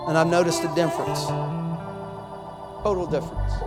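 High-voiced impassioned preacher in a reverberant church. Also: male voice, flat delivery, moderate pace, over loud music. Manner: impassioned, addresses congregation directly. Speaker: assistant pastor. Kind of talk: sermon. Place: church sanctuary.

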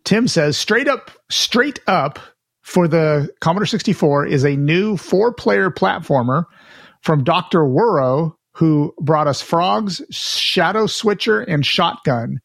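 A man co-hosting a casual retro gaming podcast, chatty and relaxed, reading out listener news with his own asides. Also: a little high, takes it slowly, creaky, no room sound, studio quality. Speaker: podcast co-host.

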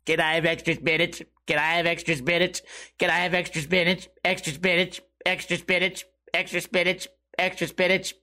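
A man's voice: high-pitched, normal speed, voice pushed down. A man doing a droning robotic-voiced teen boy. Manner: monotone, droning repetition. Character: awkward teenage boy, flat robotic voice, repetitive.

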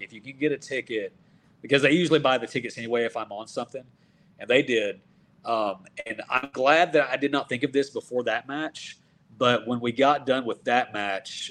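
A man from Texas, a wrestler in his thirties, telling stories in a casual, animated way and acting out what people said. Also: fairly low pitch. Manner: animated, acts out quoted dialogue. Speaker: professional wrestler guest. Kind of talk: casual storytelling.

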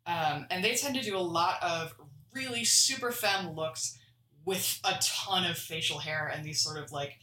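A woman's voice: on the low side, moderate pace, bright, forceful tone, distant mic, a little hiss or hum. Woman off mic in an echoey room. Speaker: podcast co-host. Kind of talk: casual chat.

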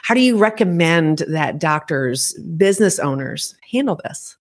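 A woman hosts a podcast interview with a notably low voice for a woman. She asks curious questions in an encouraging way. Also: expressive, normal speed. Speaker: podcast host.

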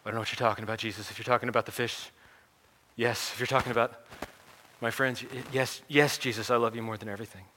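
A man's voice: medium pitch, fairly even intonation, quick pace, pushed and bright, natural voice, rough recording. A man voicing an impulsive grown fisherman who blurts out flustered answers, in a sermon retelling.

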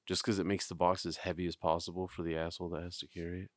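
A man co-hosting a podcast, talking in casual, crude, joking banter and mimicking people in quick voices. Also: low-pitched, little pitch movement, dry recording, studio quality. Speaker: podcast co-host.

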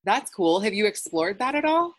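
A woman's voice: medium pitch, sing-song, moderate pace, no echo, studio quality. A woman interviewing a guest, sympathetic and asking follow-up questions. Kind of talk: interview conversation.

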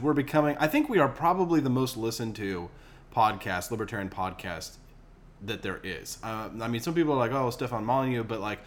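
Male podcast host, loose rambling delivery, banters with his co-hosts. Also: mid-range voice. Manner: loose, jokey, rambling with fillers. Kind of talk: casual podcast chat.

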